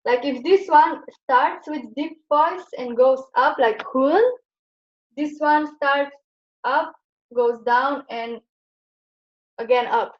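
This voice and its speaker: A woman's voice: sits high, slow pace, long pauses. A young woman from Slovenia teaching Chinese pronunciation in a classroom, explaining hesitantly with many fillers. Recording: dull lo-fi classroom recording.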